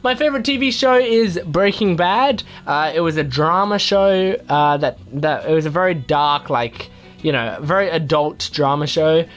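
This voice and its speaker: Young man, casual Q&A chat, rambling, playful, self-mocking, slightly high voice. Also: moderate pace, a bit bright, faint music behind. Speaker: YouTube gamer answering fan questions.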